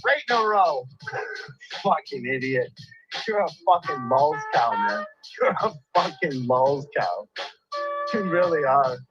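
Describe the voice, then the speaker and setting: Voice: mid-range voice, animated, slow pace, pauses often, dull audio, music in the background. Profane, angry livestream ranter. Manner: angry, profane, repetitive ranting. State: out of breath. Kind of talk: livestream rant.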